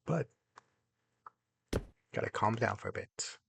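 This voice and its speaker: A young man giving casual commentary as he builds in a video game, excitable, muttering to himself and then bursting into loud exclamations. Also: lowish voice, takes it slowly, creaky, background noise. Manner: excitable, talks to himself while building, jumps between mumbling and loud exclamations. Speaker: gaming YouTuber.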